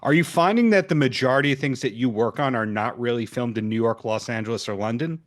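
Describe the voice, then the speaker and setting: A man hosting a podcast interview, asking long, measured questions in a conversational way. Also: mid-range voice. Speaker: podcast host.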